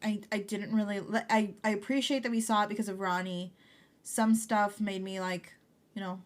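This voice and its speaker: A woman's voice: mid-range voice, fairly even intonation, moderate pace. A woman chatting on a podcast in a playful, teasing way. She stumbles into her sentences and restarts them, then lands a joke. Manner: playful, joking, with stammered restarts. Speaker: podcast co-host. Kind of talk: casual chat.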